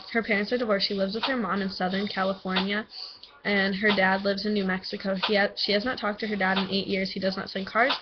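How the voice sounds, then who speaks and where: A woman's voice: mid-range voice, background noise. Hesitant teen girl giving a book report. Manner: hesitant, filler-heavy, with many ums and likes. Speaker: student. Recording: dull lo-fi recording with music behind.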